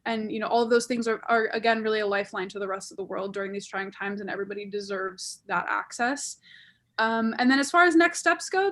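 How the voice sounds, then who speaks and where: A woman speaking for a council office gives an earnest, grateful update over a video call. Her voice sits fairly high. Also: fairly bright tone. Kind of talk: meeting report.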